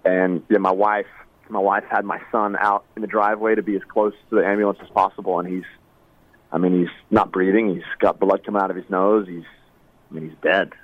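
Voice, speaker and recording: A man being interviewed who speaks earnestly in a halting way, with frequent restarts, about personal struggles. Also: low voice, little pitch movement, no echo, phone-quality sound. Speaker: interviewed singer.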